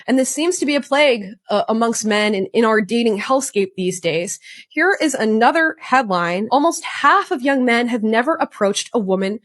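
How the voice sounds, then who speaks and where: A woman host who reads posts aloud and reacts conversationally. Her voice is a little high. The recording is dry and close. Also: expressive, normal speed, no room sound. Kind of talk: reaction commentary.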